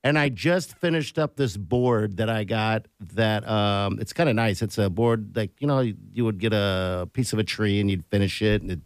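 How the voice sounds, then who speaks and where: A man hosting a morning radio show, rambling playfully through casual banter and slowing down when he muses. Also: on the low side, no room sound, studio quality. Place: radio studio.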